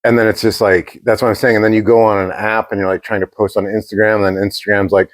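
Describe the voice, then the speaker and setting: A man's voice: lowish voice, little pitch movement, fast talker, few pauses, no room sound. A man co-hosting a podcast, telling a rambling, profane story in casual chat. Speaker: podcast co-host.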